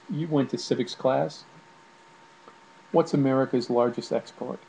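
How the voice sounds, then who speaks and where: A man talks straight to camera from home in a mellow, mid-pitched voice. He rants with irritation, stumbling through fillers and restarts. A faint hiss sits under the recording. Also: vocal fry, rough recording. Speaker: video blogger. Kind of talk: casual spoken commentary to camera.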